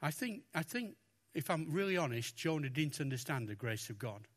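A man preaching a sermon, talking through a Bible passage with lots of expression and acting out the lines he quotes. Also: moderate pace. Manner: expressive, animated, acts out quotes with raised pitch.

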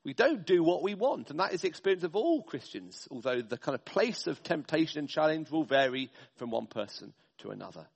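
A man delivers a sermon in a lively, swooping voice that sits a little high for a man. His tone has a gravelly edge, and he leans hard on each item when he runs through a list. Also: a little fast, hardly any pauses, in a large hall. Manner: emphatic, speaks in stressed lists. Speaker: preacher. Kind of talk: sermon with slides.

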